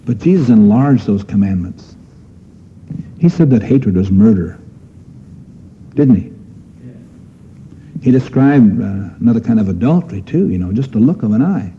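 A man's voice: on the low side, expressive, moderate pace, pauses often, a little hiss or hum. A man preaching a sermon in an earnest manner, asking his listeners questions and pressing on key phrases. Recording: dull lo-fi sermon recording.

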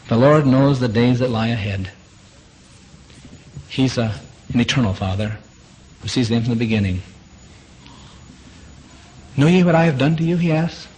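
A man's voice: mid-range voice, low-quality recording. A man preaching a sermon in an earnest, repetitive way, asking rhetorical questions.

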